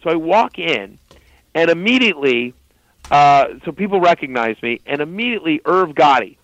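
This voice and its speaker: A man guest telling a story in casual talk, animated and loose, full of fillers. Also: on the high side, normal speed, no echo, muffled recording.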